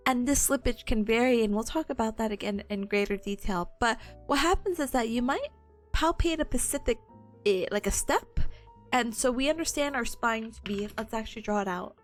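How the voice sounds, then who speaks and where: A young woman with a hoarse, fading voice, reviewing study notes for her stream in a bubbly, giggly, chatty way. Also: fairly high pitch, moderate pace, soft background music.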